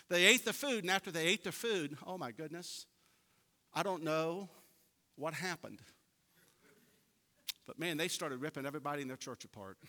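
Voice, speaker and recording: A man preaching a sermon in a folksy, storytelling way that swells into emphatic peaks. His voice is bright and ringing, a bit higher than most men's, and it carries a long reverb from the hall. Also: lively intonation, a little fast, long pauses. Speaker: pastor.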